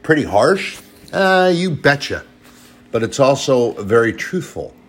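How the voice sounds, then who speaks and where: A man's voice: mid-range voice, sing-song, measured pace, slight background noise. A man giving an informal sermon in an earnest, plain-spoken way, turning sharply scolding at times.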